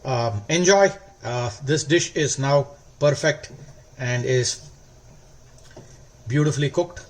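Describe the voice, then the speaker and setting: A man hosting a cooking demonstration, explaining each step calmly and stretching words for emphasis. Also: medium pitch, slow, a little hiss or hum. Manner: calm, step-by-step instructional. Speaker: cooking channel host.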